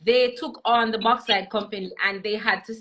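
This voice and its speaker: A woman's voice: mid-range voice, steady tone, moderate pace, a bit bright, rough recording. A Jamaican woman, a comedian, telling stories in a casual interview over a video call, switching between patois and English. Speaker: comedian guest.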